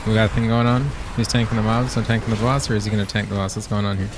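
Speaking very fast in a lowish voice over background noise, a man streams a game and chats casually with his viewers. He's excitable and profane, swearing a lot and laughing often as he comments on the gameplay.

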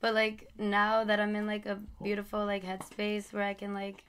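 A woman's voice: mid-range voice, monotone, moderate pace, a bit bright, slight background noise. A woman in her twenties, a mother talking casually on a podcast with friends, heavy on "like" and "bro". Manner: laid-back slangy talk, many "like" and "bro" fillers. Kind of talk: casual chat.

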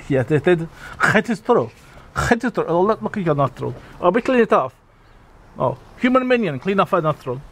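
A man's voice: high voice, big pitch swings, a little fast, a bit bright, heavily acted. A man playing a vain, childish self-styled demon who coos in broken English at a small animal, outdoors in a garden. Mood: doting. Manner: broken English, cooing baby talk to an animal. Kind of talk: comic character monologue.

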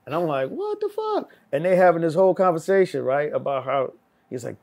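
Middle-aged guy, gravelly voice, animated storyteller who acts out every character. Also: fast. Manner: acts out voices of people in his anecdotes, swinging loud and high. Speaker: guest. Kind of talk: animated storytelling in casual chat.

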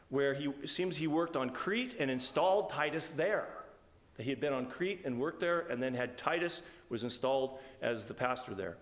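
A man, a pastor, giving a conversational Bible study lecture in a church hall, often restarting his sentences. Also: on the high side. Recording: reverberant hall.

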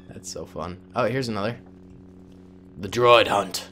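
Unhurried and pausing often, this gaming YouTuber speaks in a fairly low, slightly bright voice with faint music behind him. He offers playful, casual commentary on his own gameplay, kidding around with viewers he calls "boys."

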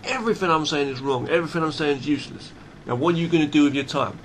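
A man's voice: a little high, very fast, a little hiss or hum. A man talking straight to camera in a blunt, emphatic monologue, swearing freely and often restarting his phrases. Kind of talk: unscripted monologue.

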